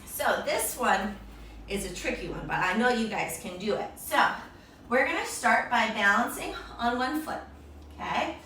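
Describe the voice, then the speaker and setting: A woman's voice: a little high, lively intonation, normal speed, pushed and bright, a little hiss or hum. A woman guiding a children's yoga class with a storybook, in a playful, encouraging, sing-song way. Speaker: kids yoga teacher. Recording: echoey room, voice from a distance.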